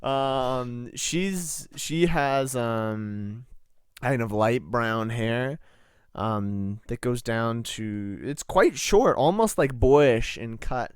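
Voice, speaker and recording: A young man narrating as game master, halting and full of fillers. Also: medium pitch, expressive, clear, resonant tone, dry recording, studio quality.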